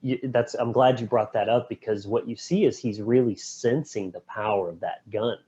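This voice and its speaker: Animated man retelling scenes, lo-fi sound. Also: mid-range voice, slightly rough. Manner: animated, acts out scenes with quick voice impressions. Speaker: podcast co-host. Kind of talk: casual film discussion. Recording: dull, lo-fi podcast audio.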